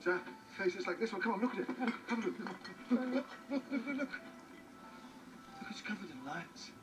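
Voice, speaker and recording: A man's voice: high-pitched, moderate pace, over music, rough recording. An actor with a Scottish accent playing a freshly changed, eccentric male alien who rambles and jumps between thoughts. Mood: baffled rambling. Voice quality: rambling, excitable, jumpy. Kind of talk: film drama dialogue.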